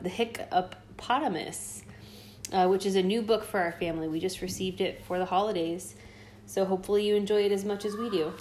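A woman hosting a children's read-aloud, telling the story gently and expressively. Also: medium pitch, slight background noise. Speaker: host reading to children.

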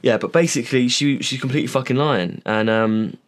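A man's voice: medium pitch, brisk. A man co-hosting a podcast in casual chat, rambling and swearing with plenty of fillers. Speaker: podcast co-host.

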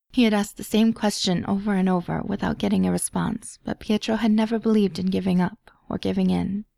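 A woman narrating a story in a measured way, her low voice carrying a gravelly texture. The tone is dark and mellow. The recording is dry and close. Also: no echo. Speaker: podfic reader. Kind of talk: dramatic audiobook narration.

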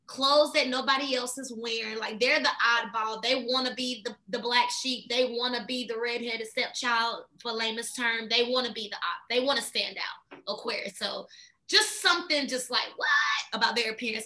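A woman chatting casually about astrology in an animated, filler-heavy way. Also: sits high. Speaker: astrology guest. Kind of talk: casual chat.

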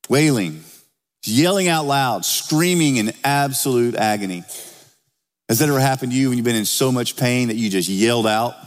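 Male pastor, mid-pitched, conversational sermon, lifts up for scripture readings, long church reverb. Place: church sanctuary.

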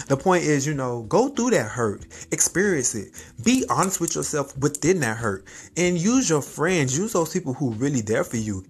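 A man hosting a podcast, talking casually and encouragingly straight to the listener in an expressive motivational monologue, his pitch jumping up as he gets animated. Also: breathy edge. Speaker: podcast host.

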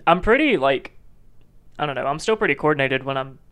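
A man's voice: medium pitch, animated, brisk, a bit bright, smooth. A young man in casual chat, teasing his friend and laughing often.

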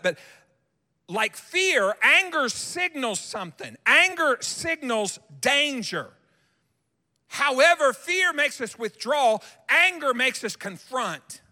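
A male pastor preaching a sermon in a church sanctuary, animated and emphatic, acting out what people say. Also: high voice, big-room sound.

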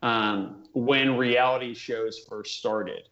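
A man's voice: mid-range voice, steady tone, slow pace, fairly bright tone, echoey room, dull audio. A man co-hosting a podcast in casual chat, reflective and hesitant. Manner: reflective, hesitant, many fillers. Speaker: podcast co-host.

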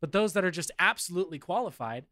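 A man with a bright, forceful voice, a little high for a man, talks through sports news on a podcast. He muses aloud and reads from notes with frequent fillers. The sound is dry and close. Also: lively intonation, quick pace, dry recording. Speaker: podcast co-host. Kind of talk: casual chat reading news.

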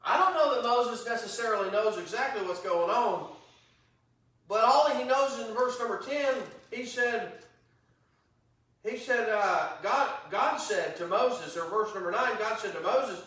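A man preaching an interactive Bible teaching sermon, animated and quick to act out God's anger. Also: sits high. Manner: animated, acts out God's angry voice, rising to shouts. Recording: roomy echo, voice from a distance.

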